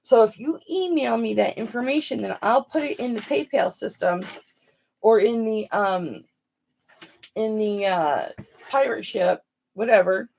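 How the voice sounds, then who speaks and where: A woman's voice: on the high side, expressive, a little slow, creaky, darkish tone, a little hiss or hum. A middle-aged woman hosting a casual live stream, talking frankly and motherly to her viewers and swearing freely.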